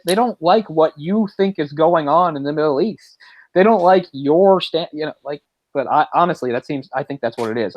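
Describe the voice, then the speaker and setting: Animated young-sounding man retelling a story. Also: a little high, dry recording, lo-fi sound. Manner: animated storytelling, mocking impressions. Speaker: podcast co-host. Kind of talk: casual chat.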